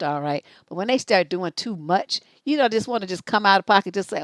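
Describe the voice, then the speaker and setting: Her voice lowish and quick with few pauses, a middle-aged woman dishes out relationship advice on a live stream. She curses, scolds and doesn't mince words, performing both halves of conversations. No room sound is audible.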